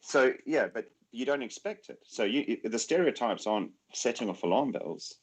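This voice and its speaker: A man hosting a podcast in casual chat, animated and acting out quoted voices as he tells stories. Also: medium pitch, moderate pace, husky. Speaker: podcast host.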